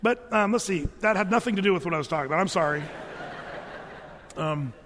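A man with a high voice preaches a sermon, retelling Bible stories with animated, folksy asides. His voice rings out with a long hall reverb. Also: brisk, a little hiss or hum. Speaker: pastor.

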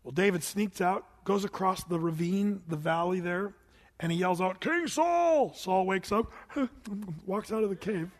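High-voiced preacher in a reverberant hall. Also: male voice, unhurried. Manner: animated storytelling, swings between loud and hushed; humorous asides. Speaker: pastor. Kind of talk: sermon.

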